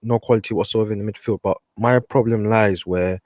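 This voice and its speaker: A man calling in to a football show, giving his opinion quickly and earnestly, point by point. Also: fairly low pitch, steady tone, a little mellow, no echo. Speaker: caller, football fan. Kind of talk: casual call-in opinion.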